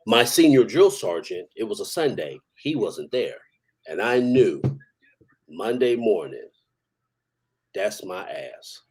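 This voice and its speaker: A man's voice: fairly low pitch, big pitch swings, slow, long pauses, a little mellow, husky, poor audio. A man, an army veteran, telling stories in a casual, profane, rambling way and chuckling now and then. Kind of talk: casual storytelling.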